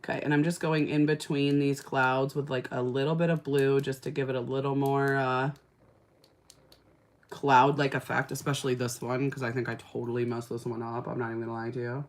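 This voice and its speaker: A woman's voice: extremely low pitch, brisk. A woman in her thirties telling a story to chat viewers while doing her makeup, dramatic and swearing casually. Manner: animated, exaggerated storyteller who swears casually. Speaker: livestream host doing makeup.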